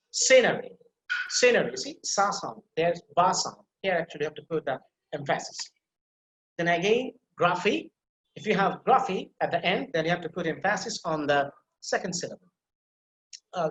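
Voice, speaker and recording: A woman teaching English pronunciation, repeating each example word patiently and clearly. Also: fairly low pitch, reverberant, poor audio. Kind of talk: online pronunciation lesson.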